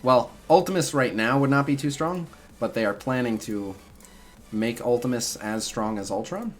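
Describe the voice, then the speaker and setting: A man's voice: medium pitch, moderate pace, faint music behind. A young man streaming a mobile game, chatting casually with his viewers in a rambling way full of "like" and "uh" fillers. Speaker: streamer answering chat. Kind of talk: casual livestream chat about a mobile game.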